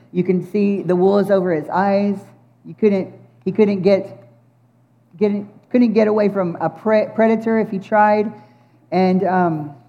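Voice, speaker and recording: A middle-aged woman speaking at a church service, giving an earnest, heartfelt sermon and reciting scripture, with many pauses and fillers. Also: fairly low pitch. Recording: muffled recording with faint band music.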